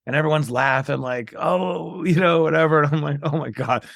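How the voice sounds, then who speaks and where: Gravelly-voiced storytelling man. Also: a little high, normal speed, no room sound, studio quality. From New York, USA. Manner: animated, acts out quoted voices. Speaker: guest. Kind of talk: storytelling interview.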